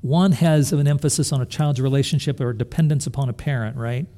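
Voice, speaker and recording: A man delivering a sermon as a pastor, his voice mellow and warm, at an even middle pitch. He speaks earnestly and puts rhetorical questions to the congregation. He often restarts and repeats words as he works through his thoughts. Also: brisk. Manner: restarts and repeats words while thinking aloud.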